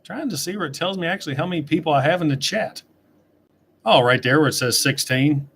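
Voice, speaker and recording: Chatty middle-aged man, slightly high voice, casual livestream talk, webcam mic. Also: a little fast, fairly bright tone, slightly rough. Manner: chatty, reads out viewer questions. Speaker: toy reviewer answering live chat.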